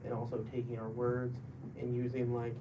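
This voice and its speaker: A man co-hosting a live podcast, trading teasing, quick-witted jokes. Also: mid-range voice. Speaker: podcast co-host. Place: convention event space. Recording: distant mic with steady background noise.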